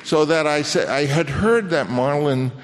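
An older man, a film director, telling an anecdote on stage in a halting way with many restarts, acting out the voices he quotes. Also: on the high side. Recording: long reverb of a hall.

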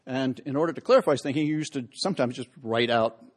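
A man's voice: medium pitch, fast talker. A middle-aged man giving a public history lecture, telling stories with wry asides and dramatic emphasis.

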